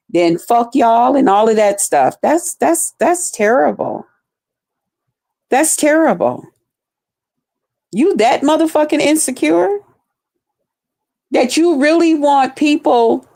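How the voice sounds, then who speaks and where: A woman with a high voice rants at a rival, confrontational and profane. She takes her time, repeating her points slowly and heavily. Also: a little mellow. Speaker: streamer. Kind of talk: angry rant.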